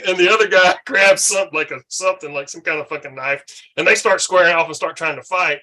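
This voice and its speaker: Man, podcast host, rowdy storyteller, swears a lot; bright, fairly high voice. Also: fairly quick. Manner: animated storyteller, swearing freely. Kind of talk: casual storytelling chat.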